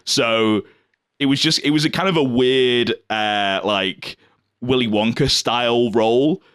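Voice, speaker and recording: A man's voice: mid-range voice, unhurried, a bit bright, clear, resonant tone, dry recording, clean studio sound. A man co-hosting a casual movie chat, rambling and hedging with lots of fillers and laughs. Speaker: podcast co-host.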